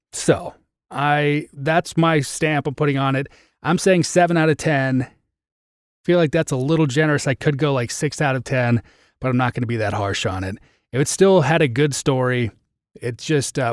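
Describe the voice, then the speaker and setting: Young man, podcast host, casual rambling review, mid-pitched voice, dry close recording. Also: dry recording. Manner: rambling, chatty, lots of "like" fillers. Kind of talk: casual live-stream movie review.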